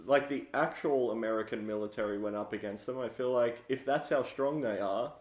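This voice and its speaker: A man's voice: mid-range voice, a little fast. A man co-hosting a casual film discussion podcast, critical and walking through plot points step by step. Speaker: podcast co-host. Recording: echoey room.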